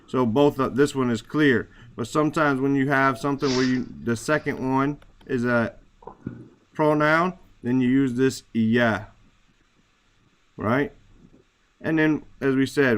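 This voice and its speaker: Male instructor at mid pitch, explains slowly with fillers and "right?" checks. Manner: searching for words, many fillers; repeats "right?" to check understanding. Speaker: teacher. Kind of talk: classroom explanation.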